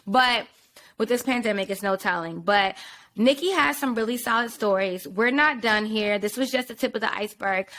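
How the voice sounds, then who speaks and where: A woman's voice: medium pitch, normal speed, fairly bright tone. A young woman hosting a podcast in casual chat, easygoing and a little profane, laughing often with her guest. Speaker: podcast host.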